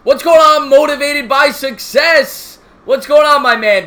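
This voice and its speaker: New guy in his 30s doing play by play on a stream, high bright voice, joking with chat. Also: unhurried, hardly any pauses. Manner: chatty, jokey, reads viewer comments aloud. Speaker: live stream play-by-play host. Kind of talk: casual play-by-play with chat shoutouts.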